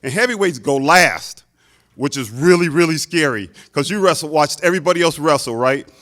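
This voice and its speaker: A man in his fifties, a hall of fame inductee, telling a lively story in a speech, full of asides. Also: on the high side, normal speed. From Chicago, United States.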